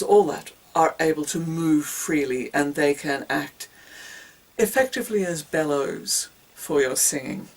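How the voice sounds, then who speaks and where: A woman's voice: sits low, distant mic, rough recording. A woman giving a casual singing lesson, demonstrating breathing exercises with whoops, grunts and hisses. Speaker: singing teacher.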